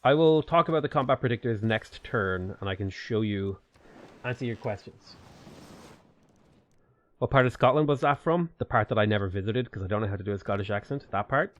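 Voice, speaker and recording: A man commentating his own strategy gameplay live, chatting and answering viewer questions with sudden bursts of excitement. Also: on the low side, brisk, lo-fi sound. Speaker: game streamer.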